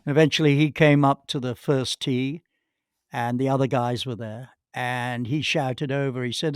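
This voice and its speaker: A man's voice: mid-range voice, fairly even intonation, moderate pace, clean tone, no echo, studio quality. An older man, a podcast guest, telling long rambling anecdotes with many restarts and acted-out quotes. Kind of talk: anecdotal storytelling.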